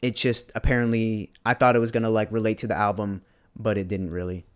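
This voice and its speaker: A man's voice: lowish voice, little pitch movement, a little fast, clean tone. A young man co-hosting a podcast livestream, chatting casually with laid-back slang and answering viewers' chat. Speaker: podcast co-host.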